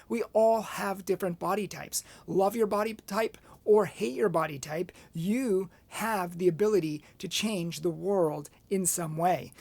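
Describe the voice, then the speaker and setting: Male Catholic speaker, earnest and expressive storyteller, dry recording. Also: high-pitched, no room sound. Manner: storytelling with personal anecdotes. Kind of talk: motivational talk.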